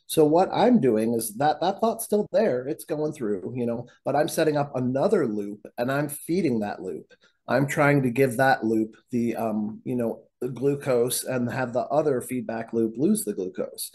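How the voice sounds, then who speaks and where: Mellow, husky-voiced man explaining ideas. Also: medium pitch, moderate pace. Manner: reflective, explanatory, with frequent fillers. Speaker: physician guest. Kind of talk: conversational podcast interview.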